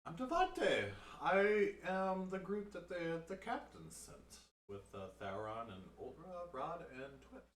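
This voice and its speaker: A man's voice: on the high side, very animated, a little slow, fairly bright tone, echoey room, distant mic, pitched above the performer's own voice, full character voice. A man voicing a bold adventurer who speaks up for his group in an earnest, formal way.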